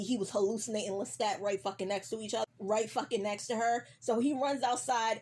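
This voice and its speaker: A woman's voice: fairly high pitch, breathy edge. A woman recapping a TV episode in casual, profane chat, acting out the characters' lines as she goes. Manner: animated, acts out characters' lines mid-story.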